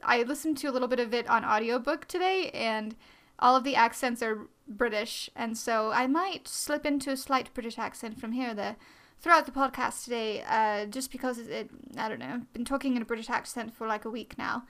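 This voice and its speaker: Bright, chatty young woman podcast host. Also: on the high side, a little fast. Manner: chatty, rambling, self-deprecating. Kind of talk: casual podcast monologue.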